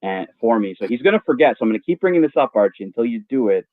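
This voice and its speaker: Quick, teasing male guest, lowish voice, tinny phone-like line. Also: sing-song, no echo. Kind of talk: casual livestream chat. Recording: tinny phone-like call audio.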